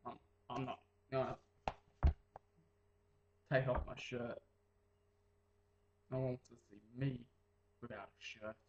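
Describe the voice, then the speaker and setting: A man's voice: medium pitch, level tone, takes it slowly, pauses often, a little mellow, roomy sound, lo-fi sound, slight background noise. A teenage boy rambling in a casual vlog, mumbling and jumping into silly voices. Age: late teens. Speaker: vlogger.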